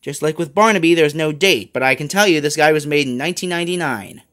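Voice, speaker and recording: Chatty male YouTuber, rambling casual toy review, slightly high voice. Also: fast talker, fairly bright tone.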